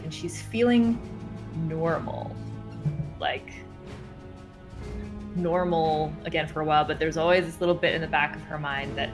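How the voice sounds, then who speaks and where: Woman player, low voice, hesitant, music clearly behind. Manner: hesitant, thoughtful. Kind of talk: tabletop game chat.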